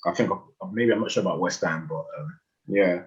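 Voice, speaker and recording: A man's voice: deep voice, brisk, lo-fi sound. A man chatting about football as podcast co-host, laid-back and agreeable, laughing along. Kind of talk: casual football chat.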